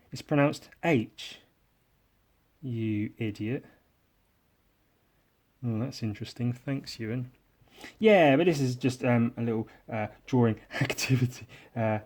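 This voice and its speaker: A man with an English accent, hosting a drawing podcast in casual, rambling chat, sarcastic and self-mocking, often trailing off quietly. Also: medium pitch.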